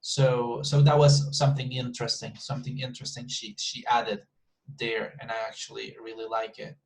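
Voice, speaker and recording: A man's voice: medium pitch, flat delivery, moderate pace, vocal fry, poor audio. A man teaching an online English class over a video call, talking casually and often repeating words as he hesitates.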